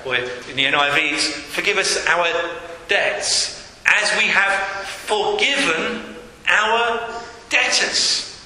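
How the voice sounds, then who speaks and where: A man's voice: high-pitched, sharp tone, slight background noise. A man preaching a sermon as pastor, reading scripture aloud and acting out its quotes in an earnest way. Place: church hall. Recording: echoey church hall with long reverb.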